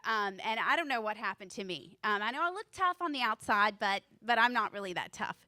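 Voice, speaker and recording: A woman's voice: mid-range voice, animated, brisk, sharp tone, no echo. A woman in her forties doing a stand-up comedy set on a club stage, nervous and self-deprecating, laughing at her own jokes. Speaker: student stand-up comic.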